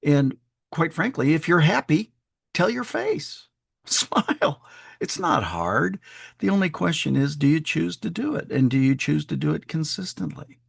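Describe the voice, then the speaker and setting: A man's voice: a little high, normal speed, vocal fry, husky, no echo, studio quality. A middle-aged man from Wisconsin, a sales trainer and speaker, telling upbeat stories as a guest on an online talk show. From Wisconsin, USA. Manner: upbeat, animated storytelling with acted quotes.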